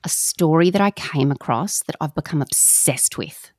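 A woman co-hosting a podcast, telling a story in casual, animated chat with slang and the odd swear word. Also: low voice, moderate pace, dry recording, clean studio sound, faint music behind. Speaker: podcast co-host.

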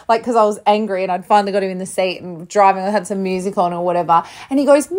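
A woman's voice: medium pitch, fast talker, few pauses. Chatty woman podcast host. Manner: candid, laughs often, acts out quotes. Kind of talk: casual podcast chat.

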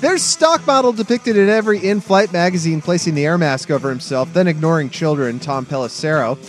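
A man co-hosting a sports radio show, reading headlines and trading jokes in casual banter. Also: high-pitched. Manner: animated, jokey, reads headlines.

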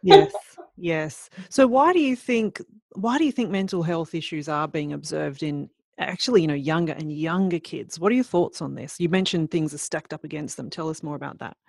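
Creaky-voiced interview host. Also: mid-range voice, moderate pace, dry recording, clean studio sound. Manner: summarizing and probing, friendly. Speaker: podcast host. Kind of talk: conversational interview questions.

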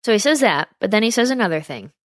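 A woman's voice: mid-range voice, big pitch swings, fast talker, no room sound, clean studio sound. An American woman hosting a political commentary show, reading news aloud with sarcastic, chatty asides to her viewers.

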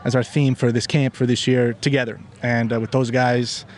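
A man's voice: medium pitch, level tone, moderate pace, a little hiss or hum. A man from Italy, a football kicker, giving upbeat, earnest interview answers with plenty of fillers.

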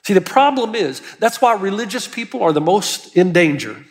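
A man's voice: sits high, sing-song, normal speed. A male pastor preaching an earnest, emphatic sermon, lifting his voice on key words. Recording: long hall reverb.

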